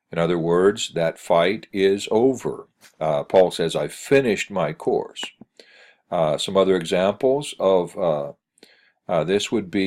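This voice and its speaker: A man teaching Greek grammar in a recorded screencast lecture, halting and full of "uh" fillers as he reads examples aloud. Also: low-pitched, expressive, a little mellow.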